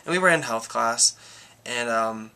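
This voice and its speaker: A man's voice: mid-range voice, a little slow, gravelly, pushed and bright. A young man around nineteen tells a personal story in a casual vlog, rambling, with many "like"s and restarts. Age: about 19. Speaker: YouTuber.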